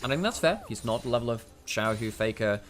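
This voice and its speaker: An English man commentating a live esports match, breaking down plays with quick analysis and dry humour. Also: medium pitch, animated, faint music behind. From England.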